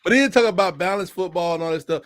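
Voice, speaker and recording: A man's voice: high voice, racing, fairly bright tone, no room sound, studio quality. A man co-hosting a casual sports debate, telling stories playfully and laughing often. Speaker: co-host, Alabama fan.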